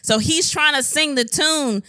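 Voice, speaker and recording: A woman's voice: high-pitched, measured pace, bright, forceful tone, dry recording. A woman co-hosting a casual chat, telling a story with lots of profanity and acted-out quotes. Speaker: podcast co-host.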